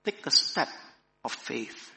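A man reading the lines of a calm male stranger in a story, slow, low and gentle. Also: big-room sound. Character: calm male stranger who builds a fire.

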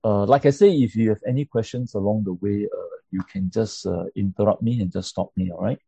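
A low, gravelly man leads a church class on grief and pastoral care, stopping often to check in with his listeners. His voice is husky and dark, with many fillers and restarts, and it comes through a dull, lo-fi recording. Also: no room sound. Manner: checks in often with tag questions like "right?"; halting, with many fillers and repeated words. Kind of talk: interactive lecture with slides.

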